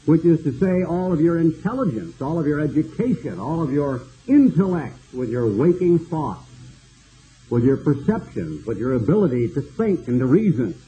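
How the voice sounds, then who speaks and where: An older man preaching a sermon, slow and cadenced, building long repeated lists. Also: a little high, very animated, warm tone, low-quality recording.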